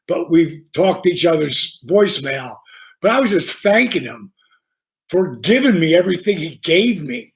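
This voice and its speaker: An older man, a podcast guest who wrestled professionally, telling stories in casual, profane chat. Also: sits high. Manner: profane, animated storytelling with acted-out quotes.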